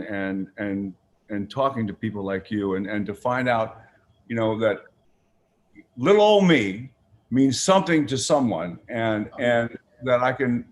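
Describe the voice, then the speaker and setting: Lively older man telling stories. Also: medium pitch. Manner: animated storyteller, acts out quotes in a raised voice. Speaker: guest. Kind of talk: casual interview chat.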